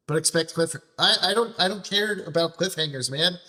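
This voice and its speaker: A man's voice: fairly high pitch, moderate pace, sharp tone. A man streaming a game, ranting in frustration and swearing heavily, often restarting his phrases as he vents. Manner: repeats and restarts phrases while venting. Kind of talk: live gameplay commentary.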